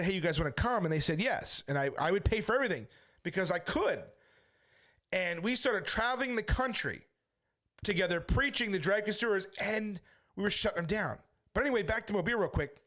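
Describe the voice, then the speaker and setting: A man who is a street preacher, briskly telling a story to his viewers and quoting the back-and-forth as he goes. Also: high voice, a bit bright. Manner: brisk retelling full of quoted back-and-forth. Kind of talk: casual storytelling monologue.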